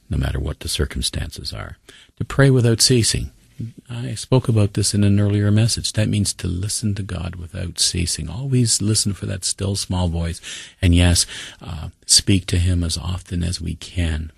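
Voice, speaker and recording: A pastor delivering a sermon in an earnest, repetitive preaching cadence. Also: male voice, low voice, vocal fry, slightly rough, dry recording, studio quality.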